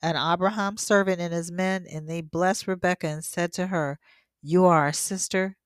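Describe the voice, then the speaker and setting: A woman reading scripture aloud at a steady pace and breaking in now and then with emotional asides of her own. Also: on the low side, normal speed, clean tone, dry recording. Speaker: scripture teacher.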